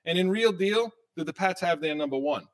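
Man, sports talk host, slightly high voice, animated, quick and excitable delivery. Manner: animated, excitable, fast-talking.

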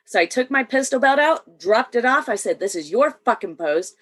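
A woman's voice: on the high side, normal speed, hardly any pauses, husky. A woman, an Army veteran, telling stories in casual chat, swearing freely and acting out the dialogue. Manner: profane, animated, acts out quoted dialogue.

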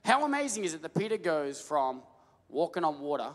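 Pastor guy preaching loud, high voice going all over, echoey hall. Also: brisk. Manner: animated preaching, building to shouts, asks the crowd to respond. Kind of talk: sermon. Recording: long hall reverb.

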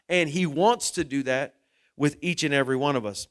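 A middle-aged male pastor preaching a sermon in an earnest way, rising loud and then dropping low and emotional. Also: moderate pace.

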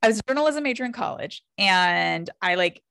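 A young woman co-hosting a casual podcast, telling an anecdote in an animated way, swearing freely and acting out the quotes. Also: mid-range voice, fairly quick, creaky, no room sound. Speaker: podcast co-host. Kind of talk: casual conversational storytelling.

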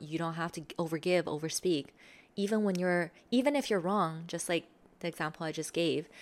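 A woman with a somewhat low voice talks through self-improvement advice. She slips into acted sample replies, sighing and laughing as she demonstrates. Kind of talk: explanatory talk with acted example lines.

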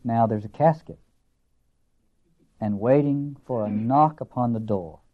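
A man with a Southern American accent giving a literature lecture, earnest and emphatic, slow and deliberate, then quick. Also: medium pitch. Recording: dull lo-fi lecture recording.

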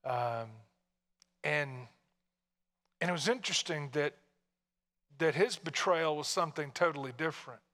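A pastor from Tennessee preaching a sermon in a conversational way, full of rhetorical questions to the congregation. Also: male voice, a little high, a little slow, pauses often, sharp tone, in a large hall.

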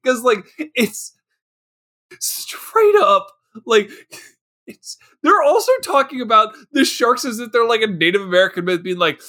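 A man's voice: very high voice, expressive, measured pace, bright, forceful tone. A man co-hosting a podcast, riffing on a bad movie in casual chat with exasperated, laughing outbursts. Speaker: podcast co-host. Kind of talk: casual comedic movie riff.

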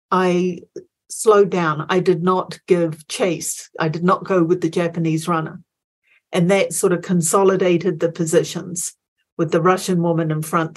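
A middle-aged woman recalls her past in an interview, speaking slowly and with pauses. Her voice sits low for a woman. She stumbles, restarts and uses many fillers, then acts out the voices in her head. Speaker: guest, former Olympic marathon runner. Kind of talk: interview storytelling.

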